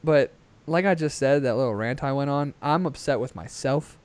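In a smooth, mid-range voice at a moderate pace, a young man co-hosts a podcast over a headset. He's animated and ranting, chatting casually with plenty of swearing.

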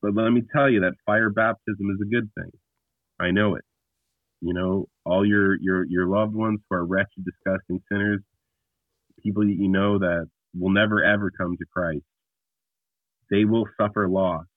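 Low-voiced guy on a podcast, blunt and emphatic, lots of restarts, sounds like a phone call, dry. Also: steady tone, normal speed, no room sound. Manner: blunt, emphatic storyteller who often restarts. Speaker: podcast guest. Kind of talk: casual religious discussion. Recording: tinny phone-like line.

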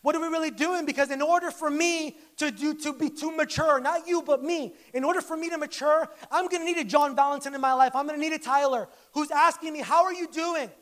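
A man's voice: extremely high pitch, a little fast, few pauses, fairly bright tone. A man preaching a sermon to his church in a conversational, joking way, acting out little quoted lines. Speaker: pastor. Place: church service.

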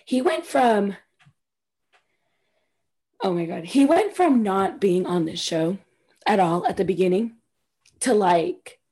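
A woman's voice: mid-range voice, expressive, slow pace, long pauses, mellow, husky. A woman co-hosting a casual chat, blunt and emphatic, swearing freely. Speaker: podcast co-host.

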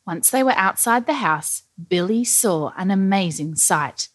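Slow storytime lady, super animated, a bit breathy, faint music. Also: on the low side, no room sound, studio quality. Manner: lively, animated, slow-paced narration. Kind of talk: children's story reading.

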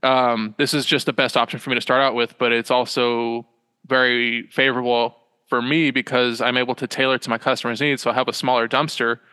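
A young man, a small business owner talking from home as a podcast guest, in a halting, rambling way full of fillers and self-corrections. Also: medium pitch, flat delivery, pushed and bright, clean tone, in a large hall. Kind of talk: casual interview chat. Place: small room at home with a loft bed.

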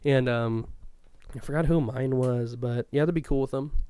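A man's voice: medium pitch, moderate pace, mellow, clear, resonant tone, no echo, studio quality. A young man co-hosting a podcast, talking loosely in a rambling way and swearing often. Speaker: podcast co-host. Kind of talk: casual chat.

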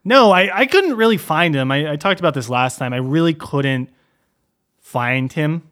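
A man's voice: a little high, expressive, normal speed, a bit bright. A young man co-hosting a podcast in casual chat, rambling with many fillers and repeated words. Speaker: podcast co-host.

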